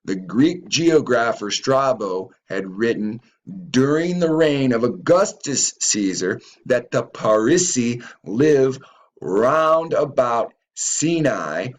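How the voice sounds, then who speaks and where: A man's voice: mid-range voice, animated, slow pace. A man hosting his own channel, reading passages aloud and commenting on them in a profane, rambling way, stumbling over names. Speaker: channel host.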